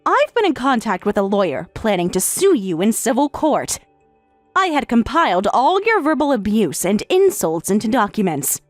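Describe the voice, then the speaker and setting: A woman voicing a calm, sarcastic wife in a text-message story, speaking in a matter-of-fact way. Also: on the high side, moderate pace, dry recording, faint music behind. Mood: cool, sarcastic. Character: calm, sarcastic wife who has left her husband.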